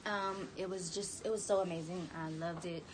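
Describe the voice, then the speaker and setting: A woman's voice: lowish voice, steady tone, moderate pace, background noise. A young woman telling her birth story in a candid, chatty vlog, now and then cooing at her baby. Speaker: vlogger, new mother.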